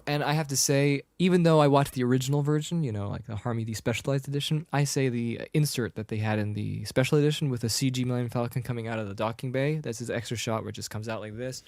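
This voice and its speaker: A young man co-hosting a podcast, retelling a film in casual chat with quick impressions. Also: medium pitch, a little mellow, no room sound, clean studio sound. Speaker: podcast co-host.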